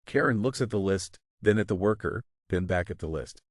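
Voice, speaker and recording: A man's voice: deep voice, animated, brisk, hardly any pauses, no room sound, clean studio sound. A man narrating a first-person story in a casual, sarcastic manner.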